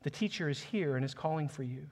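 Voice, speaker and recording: Pastor, male, slightly high voice, earnest sermon delivery that swells into passionate emphasis. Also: fast. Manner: reads scripture aloud, chuckles softly.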